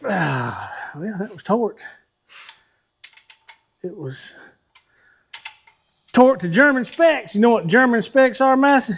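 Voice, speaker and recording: High-voiced man in his shop. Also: animated, takes it slowly, pauses often, breathy edge. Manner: chatty, folksy, thinks out loud while working. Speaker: host of a car-building channel. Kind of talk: casual shop vlog talk to viewers.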